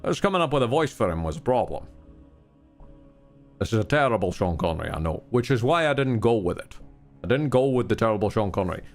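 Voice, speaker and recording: A man's voice: on the low side, big pitch swings, quick pace, faint music behind. A man live-streaming a game, chatting casually, rambling and swearing often with candid asides.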